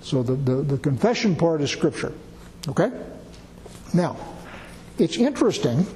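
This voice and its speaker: A man's voice: fairly high pitch, very animated, a little slow, dark tone, big-room sound, slight background noise, rough recording. A man giving an informal sermon as a Bible teacher, plainspoken and folksy, often checking in with his listeners. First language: English; not a Hebrew speaker.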